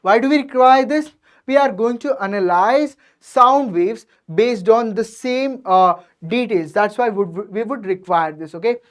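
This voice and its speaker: In an unhurried, slightly high voice, a woman leads a science revision lecture step by step. She speaks directly to her students and checks that they understand after nearly every point.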